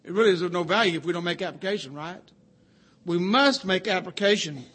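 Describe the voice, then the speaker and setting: A man preaching an earnest sermon, repeating key phrases slowly for emphasis. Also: high-pitched, a bit bright.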